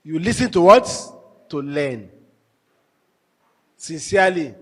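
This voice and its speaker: A man's voice: fairly high pitch, lively intonation, takes it slowly, a bit bright. A man giving a marriage workshop talk, telling stories and acting out both spouses. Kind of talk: lively workshop talk with acted anecdotes. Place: workshop hall.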